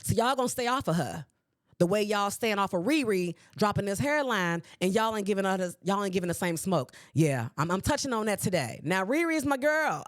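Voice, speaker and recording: A woman in her forties hosting a podcast, ranting at her listeners in a sassy, animated way. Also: medium pitch, no echo, clean studio sound. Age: 40s. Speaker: podcast host. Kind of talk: solo podcast commentary. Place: podcast recording space.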